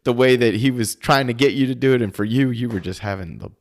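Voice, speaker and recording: A podcast co-host talks fast at a medium pitch, chatting casually over fight footage. He thinks out loud, restarting sentences and swearing casually as he goes.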